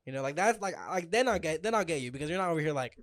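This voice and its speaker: A man's voice: a little high, lively intonation, very fast, no echo, clean studio sound. A man co-hosting a casual podcast, telling a rambling story full of filler words and acted-out quotes. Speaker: podcast co-host. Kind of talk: casual chat.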